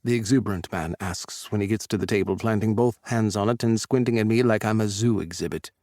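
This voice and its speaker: A man narrating a romance audiobook in the first person with an expressive reading. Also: on the low side, fairly quick, no room sound, clean studio sound.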